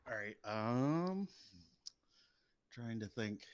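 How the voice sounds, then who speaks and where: A man and father on a casual stream chat, telling dad jokes in a low-key, unsure way. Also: lively intonation, very slow, clean tone, highs cut off.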